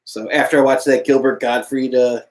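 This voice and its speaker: Male co-host, loose jokey chat, average-pitched voice. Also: fairly even intonation, brisk, rough recording. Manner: joking, laughs often. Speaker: podcast co-host. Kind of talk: casual banter.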